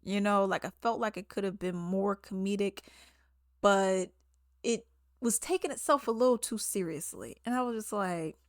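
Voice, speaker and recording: A woman, casually recapping a movie, animated and exasperated, acting out the characters' lines. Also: mid-range voice, moderate pace, no echo, studio quality. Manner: chatty and animated, acts out characters' lines in quotes; exasperated, sarcastic asides. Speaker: movie reviewer.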